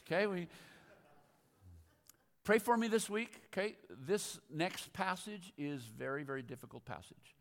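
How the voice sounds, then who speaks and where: A man's voice: high voice, unhurried, creaky, pauses often. Chatty male pastor in an echoing church. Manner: chatty and self-deprecating, with frequent laughs. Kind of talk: conversational sermon. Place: church sanctuary.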